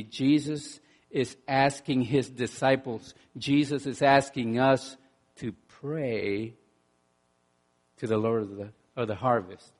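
A man preaching a sermon in an animated way, dropping to quiet asides and rising to loud bursts, often repeating words as he restarts. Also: mid-range voice. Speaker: pastor.

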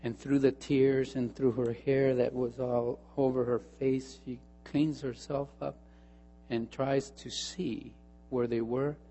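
A male pastor preaching a sermon, telling a story and moving between hushed asides and emphatic repeated phrases. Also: medium pitch, little pitch movement, takes it slowly, long reverb tail.

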